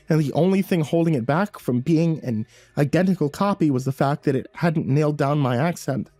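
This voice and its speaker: A man's voice: mid-range voice, warm tone, dry recording. A man narrating a first-person horror story in a tense, breathless way, stumbling over words now and then.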